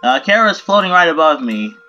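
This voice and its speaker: A young man commenting on a game as he plays, tossing off jokes and quick reactions. His voice is bright and animated, with faint game music under it. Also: a little high, dull audio. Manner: joking asides and reactions to the game. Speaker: gameplay commentator. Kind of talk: casual let's play commentary.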